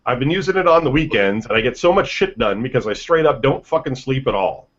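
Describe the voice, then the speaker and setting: A man's voice: medium pitch, animated, fast talker, fairly bright tone. A man hosting a podcast in casual chat, loose and rambling as he reads out listener emails. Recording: dull lo-fi podcast audio.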